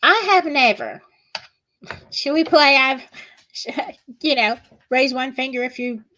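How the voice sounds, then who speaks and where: A woman's voice: high voice, takes it slowly, sharp tone. A woman with a Southern US accent, hosting a casual livestream and chatting with viewers in a gossipy way. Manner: chatty, gossipy, reads chat aloud. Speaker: livestream host.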